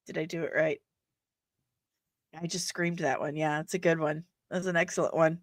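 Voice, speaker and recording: A woman hosting a casual live stream, chatting playfully with sudden bursts of loud energy. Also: lowish voice, normal speed, dry recording, clean studio sound.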